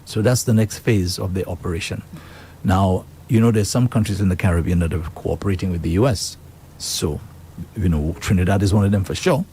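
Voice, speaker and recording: A man's voice: sits low, a little fast, mellow, a little hiss or hum. A man hosting a talk radio show, speaking, emphatic and indignant as he reads out and comments on news.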